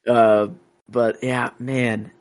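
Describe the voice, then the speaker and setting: A man's voice: medium pitch, flat delivery, extremely slow, no echo, studio quality. A man co-hosting a podcast in casual chat, hesitant and often trailing off. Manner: hesitant, trails off with "I don't know". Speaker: podcast co-host.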